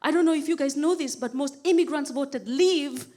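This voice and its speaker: A woman from Kenya performing a stand-up comedy set on a club stage, animated and acting out other people's voices. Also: high voice, normal speed. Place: comedy club stage before a laughing audience. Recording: live club recording with audience laughter and noise.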